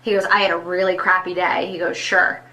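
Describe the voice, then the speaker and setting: Bright-voiced woman telling a story. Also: lowish voice, a little fast, low-quality recording. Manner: animated anecdote, acting out quotes. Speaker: club co-owner's sister. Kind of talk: storytelling in an interview.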